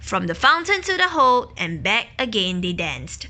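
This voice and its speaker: A woman reading a children's picture book aloud, pausing to ask questions, explain words and imitate quacking ducks. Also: medium pitch, sing-song, bright, forceful tone. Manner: imitates quacking and gasps for effect. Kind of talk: children's story read-aloud.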